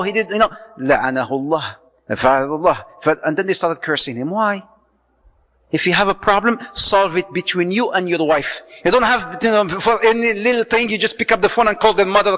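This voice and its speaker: A man giving a lively sermon on marriage as a preacher, telling stories, acting out the people in them and mixing in Arabic phrases. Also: sits high, in a large hall, poor audio. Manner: lively storytelling, acts out quoted voices, mixes in Arabic phrases.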